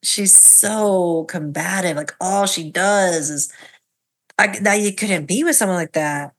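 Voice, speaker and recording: A woman co-hosting a podcast, chatting casually about reality TV and acting out what people said. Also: takes it slowly. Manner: animated, acts out quotes with high pitch jumps. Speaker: podcast co-host.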